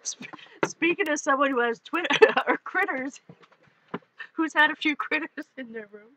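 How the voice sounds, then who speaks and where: A woman's voice: high voice, normal speed, background noise. A woman hosting an art livestream, chatting casually with viewers while she paints and often giggling. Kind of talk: casual live-stream chat while painting.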